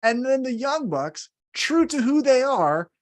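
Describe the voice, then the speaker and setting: A man's voice: very high-pitched, sing-song, measured pace. A man co-hosting a wrestling podcast, recapping segments like a story with wry asides and questions. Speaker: podcast co-host. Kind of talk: casual wrestling recap narration.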